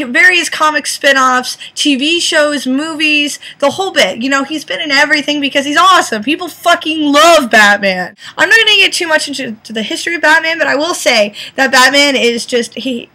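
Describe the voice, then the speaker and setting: A young woman talks straight to camera in a loose, rambling fan rant, swearing freely and tripping over restarts as her enthusiasm runs ahead of her. Her voice sits a little high and sounds bright and forceful. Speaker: vlogger.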